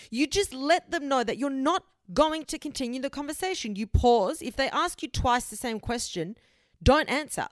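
A woman's voice: high-pitched, lively intonation, moderate pace, dry recording, clean studio sound. A young woman hosting a solo advice podcast, speaking bluntly and frankly, with casual swearing. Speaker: podcast host.

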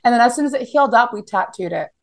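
A woman's voice: on the high side, animated, racing. A woman in her thirties from Canada, telling blunt, profane stories in a casual interview with lots of "like" fillers. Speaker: guest.

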